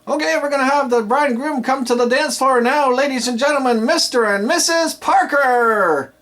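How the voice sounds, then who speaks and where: A man's voice: extremely high pitch, voice pushed up. A man putting on the voice of an enthusiastic wedding MC, stretching out his announcements so they build up. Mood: hyped. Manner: drawn-out, building announcer shouts. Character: booming enthusiastic adult male wedding MC. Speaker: DJ demonstrating announcements.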